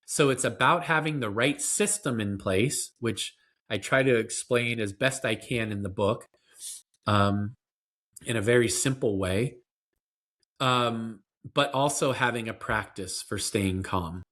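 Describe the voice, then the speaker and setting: A man's voice: mid-range voice, a little slow, a bit bright. A man being interviewed as a parenting expert, explaining in an earnest, conversational way with fillers and restarts.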